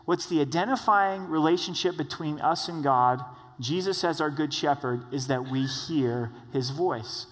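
A fairly high-voiced man preaches with a relaxed, conversational delivery. He often slows down to lean on key phrases. The long reverb of a church hall trails each line. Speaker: pastor. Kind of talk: sermon.

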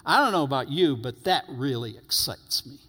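Earnest preacher in a reverberant hall. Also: male voice, mid-range voice, expressive, normal speed, husky. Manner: earnest preaching, stretches key words and drops to quiet endings. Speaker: pastor. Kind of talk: sermon.

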